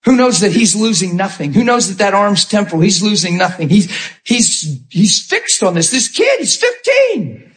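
A man preaching a sermon with fervour, often shouting and calling out to his congregation. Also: high voice, moderate pace, poor audio. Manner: calls out to the congregation.

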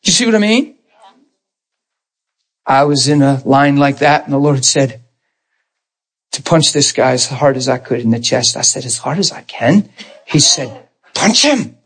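Husky, animated male preacher. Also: measured pace, long pauses. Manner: animated, jumps high in pitch when acting out stories. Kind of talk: storytelling sermon.

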